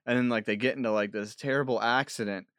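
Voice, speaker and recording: A man in relaxed casual chat with friends, laughing often as he talks. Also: medium pitch, fast, smooth, dry recording, clean studio sound.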